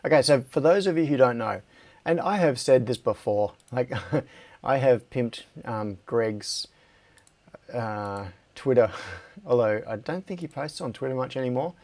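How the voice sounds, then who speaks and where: A man's voice: medium pitch, unhurried. An Australian man hosting a casual livestream from his home workshop, chatting loosely, reading out viewer comments and laughing often. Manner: relaxed, chatty, laughs often, drifts mid-sentence. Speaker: livestream host.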